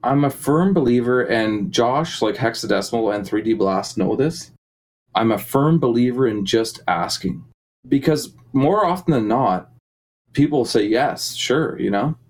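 A man's voice: medium pitch, animated, a little slow, low-quality recording. A man talking casually as a musician guest in an interview, rambling with many fillers and restarts. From Canada.

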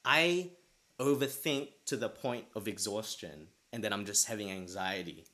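A man's voice: lowish voice, moderate pace, pushed and bright. A young man hosting a podcast, telling a personal story in a rambling way with many restarts. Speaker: podcast host. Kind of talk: casual chat.

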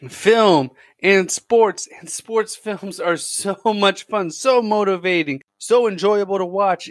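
An enthusiastic man hosts his podcast in a chatty solo monologue. His voice sits a little high for a man and often trips into restarts. The sound is close and dry, with no room echo. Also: a bit bright. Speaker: podcast host.

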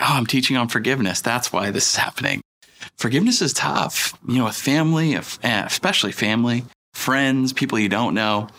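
A male pastor preaching a sermon in a conversational, storytelling way, with lively asides to the congregation. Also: medium pitch.

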